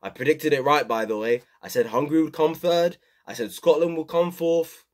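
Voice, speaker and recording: A man's voice: a little high, moderate pace. A young man hosting a casual football review vlog, rambling and opinionated, full of fillers. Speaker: football channel host.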